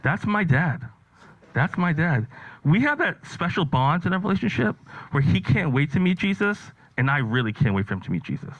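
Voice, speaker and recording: A man's voice: a little high, sing-song, normal speed, dry recording, lo-fi sound. A man performing a stand-up set, telling stories in a rambling, offhand way with lots of fillers. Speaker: stand-up comedian.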